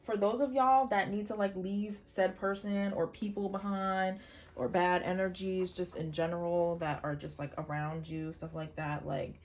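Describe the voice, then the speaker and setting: Excitable woman giving a chatty tarot reading. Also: on the low side, moderate pace. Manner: chatty, excitable, swears casually, exclaims often; addresses viewers directly with pep talk. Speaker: tarot reader. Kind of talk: casual tarot reading to camera.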